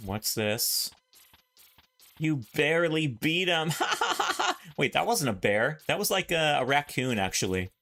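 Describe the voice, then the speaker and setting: A man's voice: a little high, sing-song, slow pace, pushed and bright. A man casually commenting on his own gameplay, playful and jokey, talking to himself and hunting for puns. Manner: playful, jokey, talks to himself while playing. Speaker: let's play host. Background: game music.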